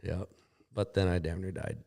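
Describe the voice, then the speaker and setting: Man, very deep voice, rambling, profane, casual storytelling, podcast guest. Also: flat delivery, normal speed, warm tone. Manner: rambling, profane, acts out quoted dialogue. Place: shop.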